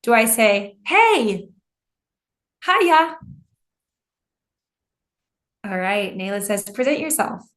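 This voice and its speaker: A middle-aged American woman teaching an online English class from home, lively and quick to laugh as she talks. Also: medium pitch. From United States. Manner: lively, laughs often, apologetic. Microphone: computer mic on a video call.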